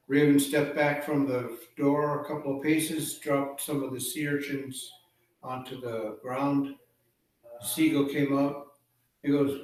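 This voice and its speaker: A male storyteller recounting a legend in an easygoing, conversational manner, with the odd filler between phrases. His voice sits at a middle pitch and reaches the mic from a distance, in a room that rings with echo. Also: measured pace. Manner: relaxed, conversational telling with fillers. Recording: echoey room, far from mic.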